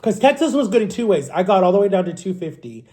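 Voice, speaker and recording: A man's voice: sits high, very animated, fast, dark tone, slight background noise. A man in his thirties from Florida, telling his story to camera in a casual, candid way and correcting himself as he goes. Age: 30s. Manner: rambling and candid, self-correcting. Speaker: vlogger. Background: eating on camera.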